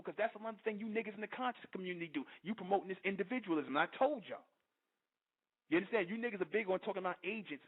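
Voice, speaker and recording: High-voiced male host, hard-hitting sermon-style rant, tinny phone-line sound. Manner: emphatic, confrontational, keeps asking "you understand?"; profane and repetitive. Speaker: radio show host. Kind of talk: impassioned preaching monologue.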